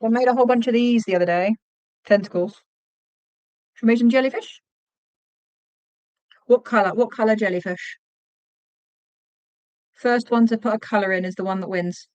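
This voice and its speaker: A woman hosting a casual livestream while she crochets. She chats, gets sidetracked, and counts her stitches out loud. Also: on the high side, moderate pace, long pauses, no room sound, muffled recording. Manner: chatty and easily sidetracked, counts stitches aloud. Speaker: livestream host.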